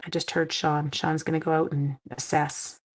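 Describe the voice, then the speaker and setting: A woman's voice: deep voice, level tone, moderate pace. A middle-aged woman hosting a casual crafting livestream from home, chatting to viewers by name and poking fun at her own mistakes. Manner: chatty, self-deprecating, greets viewers by name. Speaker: craft demonstrator, livestream host.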